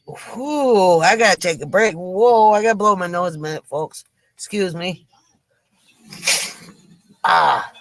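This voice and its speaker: A middle-aged woman, hosting a live stream from home and telling corny jokes slowly, laughing and sighing often, a bit tipsy from drinks. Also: fairly low pitch, no room sound. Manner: slow, corny jokes with frequent laughs and sighs. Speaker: live stream comedy host. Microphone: computer mic for a live stream.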